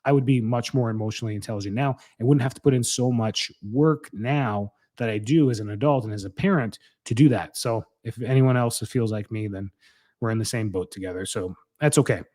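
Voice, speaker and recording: A man's voice: mid-range voice, fairly quick, warm tone. Earnest rambling male podcast host. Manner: rambling, earnest, self-correcting. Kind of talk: casual solo podcast talk.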